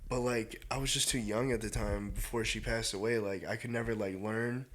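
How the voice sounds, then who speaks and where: Male podcast host, casual and animated, slangy interjector. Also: on the low side. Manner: animated, quick reactions, slangy. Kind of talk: casual chat.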